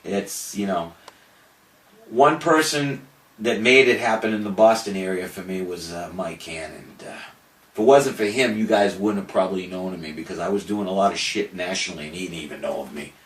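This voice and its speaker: An older man, a cannabis activist, records a farewell video, then launches into a boastful, profane, theatrical story for an audience. His voice is low and brisk. The mic is distant in a roomy space, with faint noise.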